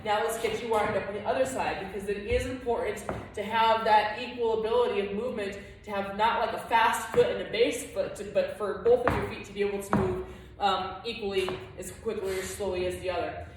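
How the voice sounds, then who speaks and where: A woman's voice: mid-range voice, fairly even intonation, a little fast, heavy reverb, recorded from a distance, background noise. A woman teaching a flamenco dance class, explaining steps and chanting the rhythms and counts aloud.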